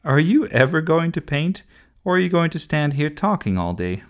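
A man's voice: a little high, very animated, moderate pace, voice pushed up. A man voicing a patient, easygoing grown neighbor in a storybook reading, speaking mildly with a dry edge.

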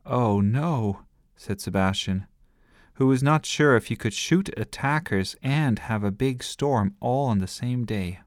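A man reading a bedtime story aloud in a gentle, lively storytelling manner. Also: mid-range voice, unhurried, no echo, clean studio sound.

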